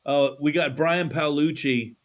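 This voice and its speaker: A man's voice: fairly high pitch, fairly even intonation, measured pace. A man hosting a podcast in casual chat from a studio, swearing freely and laughing often. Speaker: podcast host.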